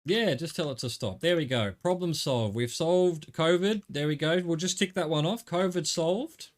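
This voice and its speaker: A man's voice: fairly high pitch, normal speed. Middle-aged aussie guy streaming a game, rambly and wry, chatting to viewers. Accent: Australian. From Australia. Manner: rambling, wry, jokey asides to chat. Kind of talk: casual live-stream chatter while gaming.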